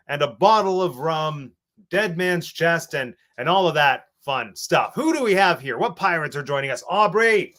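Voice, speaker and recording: An English man hosts a live chat stream in a playful, jokey way. His voice sits a bit high and swings up and down a lot as he talks. He reads out viewers' comments with plenty of bounce. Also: expressive, moderate pace, fairly bright tone. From England. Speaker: host.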